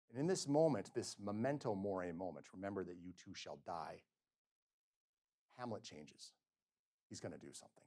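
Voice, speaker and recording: A middle-aged male physician giving a lecture, telling stories and acting out quotes with sudden swings between loud and soft. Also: sits low, lively intonation, brisk. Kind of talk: lecture with storytelling. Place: lecture hall.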